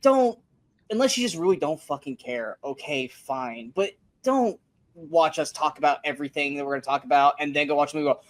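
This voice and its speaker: A man's voice: a little high, lively intonation, fairly quick, no echo. Profane ranting man, dry sound. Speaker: podcast co-host. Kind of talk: casual movie review chat.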